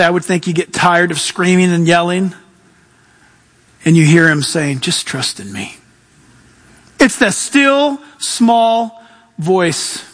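A pastor preaching a sermon, animated and acting out the voices of the people in his stories. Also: high voice, long reverb tail. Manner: animated, acts out voices, shifts between loud and hushed.

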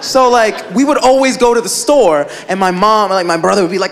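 A man doing a stand-up routine, acting out family members in animated voices. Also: sits high, fast talker, hardly any pauses. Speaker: stand-up comedian. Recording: live club recording with crowd noise.

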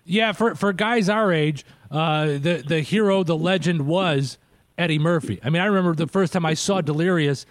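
A man's voice: a little high, normal speed, no echo. A man in his thirties hosting a casual radio interview, chatty, laughing easily and dropping lots of filler words. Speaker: radio host.

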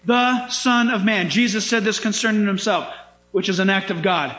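A male pastor preaching with animated, emphatic delivery and dramatic asides. His voice sits very high and rings through a roomy church sanctuary. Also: normal speed. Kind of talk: sermon. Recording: echoey room.

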